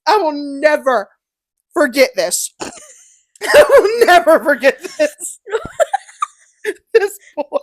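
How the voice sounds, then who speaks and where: A woman's voice: high voice, takes it slowly, pauses often. A woman in her twenties, a podcast co-host, telling a school story in casual chat and laughing through it. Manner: laughing while telling, animated.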